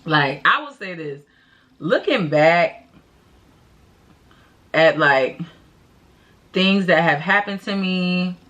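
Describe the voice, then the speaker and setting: A young woman spins a funny personal story in a casual, animated way. Her voice is bright and forward while sitting fairly low, and she swings between bursts of laughter and soft, whispered lines. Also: slow, pauses often, highs cut off, a little hiss or hum. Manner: animated, dramatic storytelling with loud laughs and hushed whispered asides. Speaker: vlogger.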